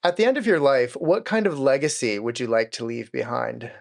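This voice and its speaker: A man's voice: medium pitch, a little fast, creaky. A man hosting an interview, affirming his guest and asking open questions. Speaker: interview host. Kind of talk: conversational interview.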